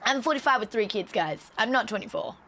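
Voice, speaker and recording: A woman chatting on a live stream, telling animated stories with a lot of swearing and laughter. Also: fairly high pitch, fairly quick, a little hiss or hum. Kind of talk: casual stream chat and storytelling.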